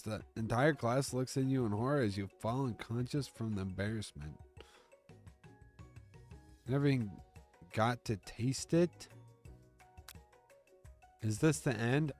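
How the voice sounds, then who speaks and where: A man's voice: medium pitch, measured pace, long pauses, a little mellow. Guy streamer reading out a story game, cracks jokes and swears, faint music behind. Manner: reads the story aloud and jokes and curses along. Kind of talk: reading a text game aloud and reacting.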